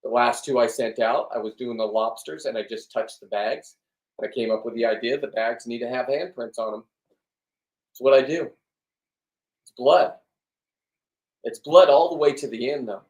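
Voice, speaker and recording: A man's voice: mid-range voice, moderate pace, long pauses, a little mellow. A middle-aged man in a rambling, blunt vlog monologue, swearing often and restarting his sentences. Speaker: vlogger. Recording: echoey room, distant from the mic.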